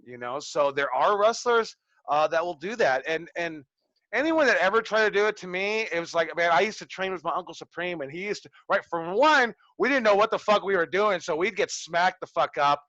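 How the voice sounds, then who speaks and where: A man's voice: high-pitched, lively intonation, a little fast, pushed and bright, dry recording, highs cut off. A man in his forties coaching wrestling students in a loose, profane storytelling way, acting out quotes as he goes. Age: 40s. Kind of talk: casual classroom talk to students. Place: training school.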